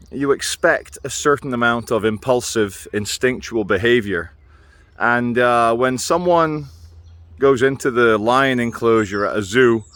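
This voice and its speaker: A British video blogger films himself while out walking outdoors, rambling through a wry, meandering monologue full of musings and asides. His voice is mid-range with a fairly bright tone, and the recording is dry.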